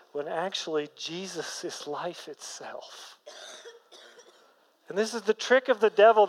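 A man preaching a sermon as pastor, earnest, rising to emphatic peaks and then dropping low. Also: big-room sound, low-quality recording.

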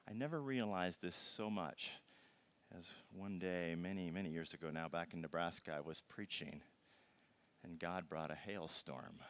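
A man's voice: lowish voice, bright, forceful tone, dry recording. A middle-aged man preaching a sermon as pastor, reading scripture dramatically and adding playful asides. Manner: dramatic, reads scripture with rising intensity. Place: church.

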